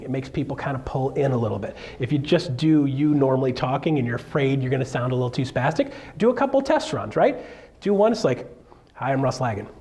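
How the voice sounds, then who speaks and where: A man, a realtor, giving an energetic, joking seminar talk on stage to a live audience. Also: on the high side. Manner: energetic, joking, with sudden loud bursts.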